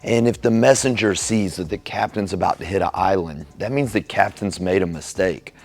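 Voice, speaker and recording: A man giving a casual motivational talk on relationships, acting out little dialogues and softening his tone for the caring lines. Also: deep voice, normal speed. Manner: animated storyteller acting out quoted dialogue.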